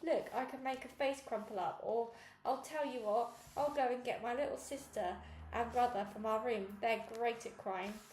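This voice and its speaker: A woman's voice: on the high side, steady tone, moderate pace, a little mellow, echoey room, a little hiss or hum, natural voice, poor audio. A woman reading aloud, voicing an eager young girl who tells jokes and pleads to be filmed.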